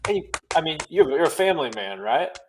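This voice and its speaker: A man's voice: a little high, big pitch swings, fairly quick, background noise. A man hosting a casual podcast interview who talks bluntly and swears freely. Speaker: podcast host.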